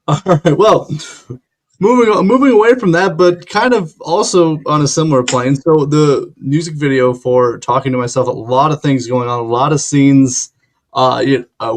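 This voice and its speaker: A man hosting a radio interview, asking questions in a relaxed, laid-back way. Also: medium pitch. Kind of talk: casual interview.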